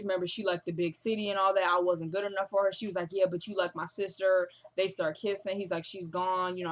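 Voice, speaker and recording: A young woman, chatting casually as she recaps a TV episode and retells the dialogue. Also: fairly low pitch. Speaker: recap vlogger.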